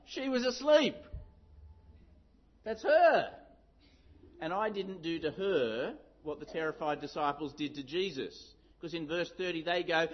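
Middle-aged aussie guy preaching, storytelling, kinda high voice, dull lo-fi sound. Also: unhurried. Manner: storytelling, animated with acted-out shouts. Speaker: pastor. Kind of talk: sermon.

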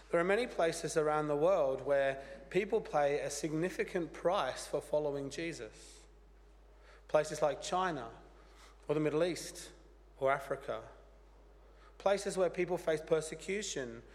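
Croaky-voiced man preaching in a church. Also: on the high side. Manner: earnest, plain-spoken preaching with light humor. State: hoarse, croaky voice from a cold. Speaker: pastor. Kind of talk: sermon. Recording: church hall reverb.

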